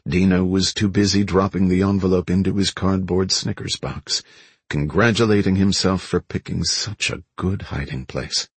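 A man narrating an audiobook thriller with steady, measured delivery. His voice is very deep with a husky edge. The recording is close and dry. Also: dry recording. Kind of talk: scripted narration.

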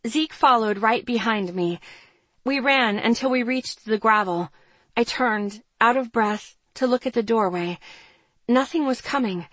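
A woman's voice: fairly high pitch, measured pace, fairly bright tone, dry recording. Woman narrating a tense audiobook. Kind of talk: first-person audiobook narration.

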